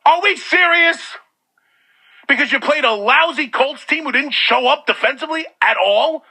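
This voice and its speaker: High-pitched ranting New radio host. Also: male voice, a little fast. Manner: loud, sarcastic, exasperated. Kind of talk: sports talk radio rant. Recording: radio broadcast.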